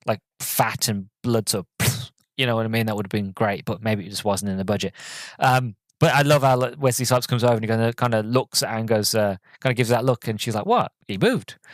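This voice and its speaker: A man's voice: mid-range voice, dry recording. A man hosting a podcast, reviewing a film in a rambling, casual way full of fillers and self-corrections. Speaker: podcast host.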